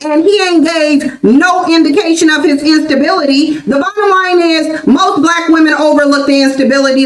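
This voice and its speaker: A woman's voice: high voice, echoey room, rough recording. An American woman in her forties hosting a livestream, talking emphatically and repeating her points insistently. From United States. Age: 40s. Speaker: livestream host. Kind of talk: livestream commentary.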